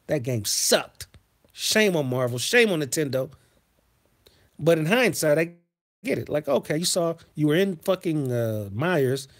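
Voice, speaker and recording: A man chatting on a livestream, telling childhood stories and answering his chat. His voice sits a bit high and swings widely, and he bursts into loud, cursing rants. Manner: profane, animated, swings into loud outbursts. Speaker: livestream host reading chat. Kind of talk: casual storytelling to a live chat.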